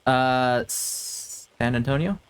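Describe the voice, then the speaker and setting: A man from the United States chatting casually on a live stream, soft-spoken and a bit hesitant, laughing often. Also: medium pitch, extremely slow, clear, resonant tone.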